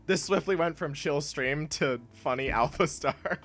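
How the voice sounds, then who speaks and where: A man's voice: fairly high pitch, measured pace, a bit bright, soft background music. A young man chatting casually while streaming a video game, rambling with lots of fillers and laughing often. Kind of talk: casual gameplay stream chat.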